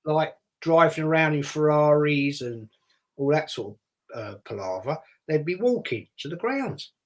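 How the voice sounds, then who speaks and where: A man's voice: a little high, expressive, unhurried. An older man from England with a London accent, hosting a casual chat and telling rambling childhood stories. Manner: rambling anecdotal storytelling with acted-out voices. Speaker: host.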